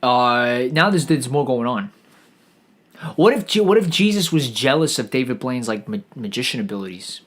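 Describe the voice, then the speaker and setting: A man's voice: mid-range voice, animated, normal speed. A man streaming a rambling, profane comedic rant, full of stammered restarts and swearing.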